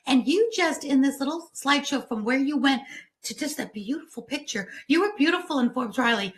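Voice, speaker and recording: Female talk show host, higher-pitched voice, encouraging and a little halting. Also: animated. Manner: warm, encouraging interviewer who fumbles for words. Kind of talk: casual talk show chat.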